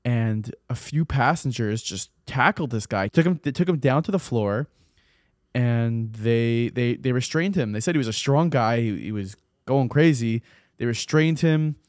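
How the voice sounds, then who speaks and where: Here a man with a somewhat mellow, mid-range voice hosts an easygoing podcast conversation. He tells news stories informally, often circling back over words as he organizes his thoughts, and the studio-quality recording carries no room sound.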